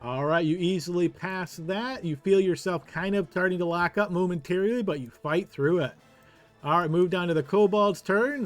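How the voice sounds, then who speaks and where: A man narrating a tabletop game as game master, giving brisk, matter-of-fact rulings. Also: sits high, soft background music.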